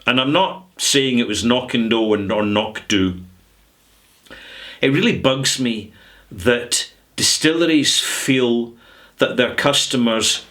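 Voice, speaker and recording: A middle-aged Scottish man holds forth in a chatty, sarcastic vlog rant. He draws out his words for emphasis. His tone is bright and forward. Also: mid-range voice, takes it slowly. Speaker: whisky vlogger. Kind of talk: casual rant to camera.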